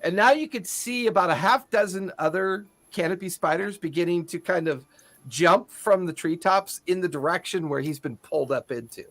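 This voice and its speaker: A man with a fairly high voice runs a tabletop game, describing the action in a playful way. He laughs often while he narrates. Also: normal speed, a bit bright. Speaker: game master.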